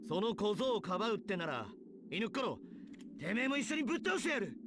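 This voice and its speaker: An actor playing a hot-headed young male wolf demon in a video game, rough and taunting in manner. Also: high-pitched, very animated, fast talker. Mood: combative taunting. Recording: game audio with background noise.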